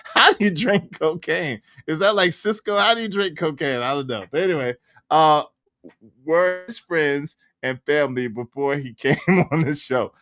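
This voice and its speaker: A man hosting a casual reaction livestream, loud and slangy, laughing often. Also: fairly high pitch, normal speed, no echo, studio quality. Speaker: livestream commentary host.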